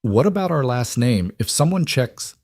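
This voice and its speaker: A man voicing a clever young boy who speaks softly and gently. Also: medium pitch, big pitch swings, moderate pace, no echo, clean studio sound, pitched above the performer's own voice. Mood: gentle. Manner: soft, gentle.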